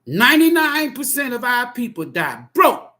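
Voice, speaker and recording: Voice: mid-range voice, big pitch swings, normal speed, sharp tone. A tarot reader delivering an impassioned spoken monologue in a profane, emphatic, preachy way.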